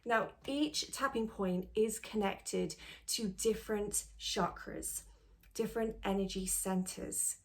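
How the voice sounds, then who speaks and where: A woman guides beginners through a tapping routine, calm and reassuring. She explains each step gently and clearly, like a patient coach talking to one person. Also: mid-range voice, slow. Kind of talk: instructional tutorial.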